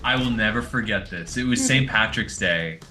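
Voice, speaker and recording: Bright, excitable man from New York. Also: lowish voice, normal speed, faint music behind. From New York City. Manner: excitable anecdote telling. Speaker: podcast guest. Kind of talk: casual podcast chat.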